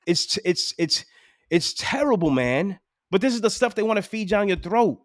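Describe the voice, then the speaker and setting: New guy in his 40s ranting on a podcast, kinda high voice, dry close mic. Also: lively intonation, moderate pace, no room sound. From New York City. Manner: ranting, profane, exasperated. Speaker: podcast co-host. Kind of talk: casual chat.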